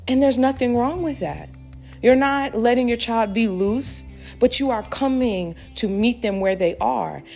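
A woman's voice: medium pitch, moderate pace, a little mellow, soft background music. A woman speaking fervently as a Christian parenting speaker, teaching in a preacherly way. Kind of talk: spiritual teaching monologue.

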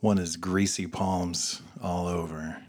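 A man's voice: sits low, level tone, takes it slowly, background noise. A man co-hosting a podcast, teasing his friend in crude, joking banter and swearing freely. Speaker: podcast co-host.

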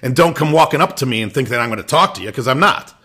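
A man's voice: medium pitch, animated, quick pace, pushed and bright, slightly rough. A man hosting a lacrosse show, ranting bluntly with swearing and restarts, irritated. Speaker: lacrosse podcast host. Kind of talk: opinion rant.

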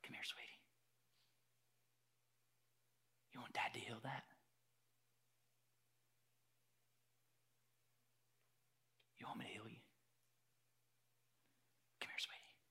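A hushed, tender fatherly God coaxes a hurting child close in a whispered role-play, as a man puts him on. The voice drops to a soft, breathy hush with a bright edge. The manner is gentle and coaxing. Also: medium pitch, level tone, fairly quick, voice pushed down. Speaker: pastor.

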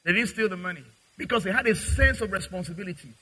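A man preaching a lively sermon, acting out little scenes between parents and children and customers. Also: high-pitched, fast talker, slightly rough, poor audio. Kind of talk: sermon with acted dialogue.

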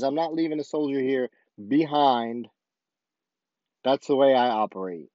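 A man's voice: medium pitch, unhurried, pauses often, dry recording. Man, army sergeant, casual storytelling, acts out dialogue, dry close sound, slightly dull audio. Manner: animated, acts out quoted dialogue.

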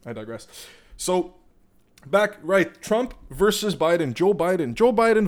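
A young man with a Canadian accent rants casually, swearing freely and wandering off on tangents. His pitch sits in the middle range, and he talks in a worked-up, conversational way. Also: darkish tone. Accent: Canadian English. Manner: profane, rambling, heated, digresses often. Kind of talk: casual political rant.

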